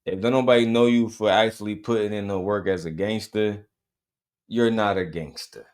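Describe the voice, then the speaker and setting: A man with a fairly low voice delivers reaction commentary as a show host. He talks bluntly, swears freely and uses street slang, repeating his points for emphasis. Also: fairly even intonation, moderate pace, darkish tone.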